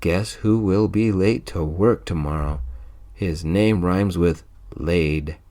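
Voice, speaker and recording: A man doing a gruff teasing coworker, soft-spoken. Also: low-pitched, takes it slowly. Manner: teasing, snickering, drawn out. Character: gruff young male coworker, teasing and crude. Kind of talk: whispered role-play.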